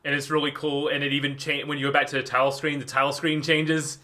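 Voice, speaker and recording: Brief: male podcast co-host, bright sharp tone, animated gaming chat with restarts. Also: on the high side. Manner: animated, quick, lots of restarts and acted-out quotes.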